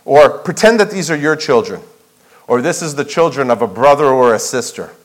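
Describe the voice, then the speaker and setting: Preaching in a church sanctuary, this pastor speaks briskly with an expressive, medium-pitched voice, heard through a rough recording. He is emphatic, asking rhetorical questions and driving home key phrases by repeating them.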